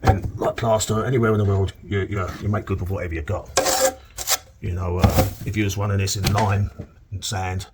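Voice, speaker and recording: A man's voice: on the low side, level tone, a little fast, heavy background noise. A middle-aged man, giving a chatty, joking on-the-job plastering demonstration and checking in with "okay?" as he goes. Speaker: plasterer demonstrating cornice work. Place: indoor room on a work site.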